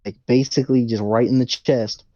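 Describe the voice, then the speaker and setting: A man's voice: medium pitch, steady tone, brisk, mellow, no room sound, highs cut off. A man co-hosting a podcast, retelling a movie plot casually and animatedly with sound effects. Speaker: podcast co-host.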